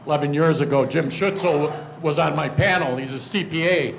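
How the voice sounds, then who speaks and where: A man's voice: on the high side, moderate pace, creaky, a little hiss or hum, low-quality recording. A man moderating a community seminar panel, chatting and turning questions to the panelists. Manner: conversational, turns questions to panelists. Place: church hall.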